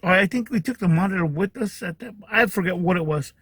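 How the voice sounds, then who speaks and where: Guy rambling through a story on his podcast, kinda husky, slightly high, dry close sound. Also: fast talker, a bit bright, no echo. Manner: rambling, lots of fillers and restarts. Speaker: podcast host. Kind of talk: casual storytelling monologue.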